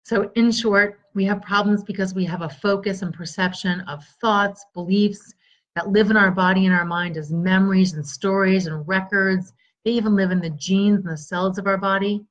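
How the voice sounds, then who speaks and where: A middle-aged stress relief coach leads a live stream, upbeat and encouraging, greeting viewers by name as she goes. Her middle-pitched voice has fairly even intonation at normal speed, and the sound is slightly dull and lo-fi.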